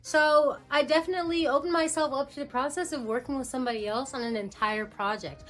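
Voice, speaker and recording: A young woman musician talking casually to camera about making her album, full of fillers and quick asides. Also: high-pitched, fairly even intonation, faint music behind. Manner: chatty, filler-heavy, jumps into quoted voices.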